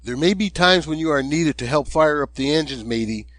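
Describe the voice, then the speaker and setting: Narrator playing a brisk, friendly Cockney sailor, dry read. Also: male voice, a little high, lively intonation, fairly bright tone, no echo. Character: stocky muscular Cockney boatswain, friendly.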